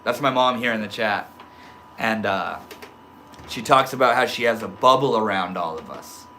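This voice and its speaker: A young man hosting a casual livestream from home, reading chat comments aloud and reacting with easygoing slang and swearing, dropping from soft murmurs to sudden loud excited outbursts. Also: lowish voice, normal speed, slight background noise. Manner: swears casually, laid-back stoner slang.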